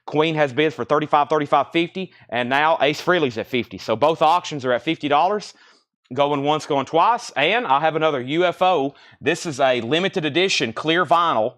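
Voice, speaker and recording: A man hosting a live record sale indoors, briskly listing titles and prices in a chatty auctioneer way, a little choked up. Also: on the high side, a bit bright. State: slightly choked, coughing. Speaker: livestream record seller. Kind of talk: live sales stream.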